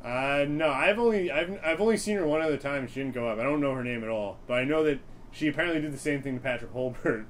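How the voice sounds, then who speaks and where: A man's voice: mid-range voice, fast. A young comedian from New Jersey chats casually as a podcast guest. He rambles through stories, jumps into the voices of the people he quotes, and laughs a lot. A faint hiss sits under the recording. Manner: chatty storytelling, acts out quotes, laughs often. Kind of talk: casual interview chat.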